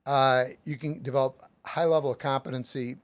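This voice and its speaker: A man's voice: medium pitch, steady tone, fairly quick, clean tone, no room sound. A middle-aged man as an author and guest, explaining his method with plenty of everyday examples. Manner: emphatic, uses lots of everyday examples.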